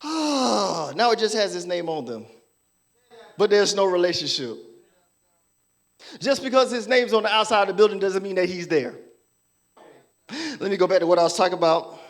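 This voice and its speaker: A man preaching a sermon as pastor, playful and animated, acting out people's voices and laughing with the congregation. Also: high voice, normal speed, long pauses.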